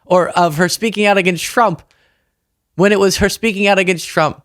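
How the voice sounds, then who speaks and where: A man's voice: high voice, steady tone, moderate pace, fairly bright tone, no echo, clean studio sound. A man hosting a political commentary show, talking casually with a sarcastic, mocking edge.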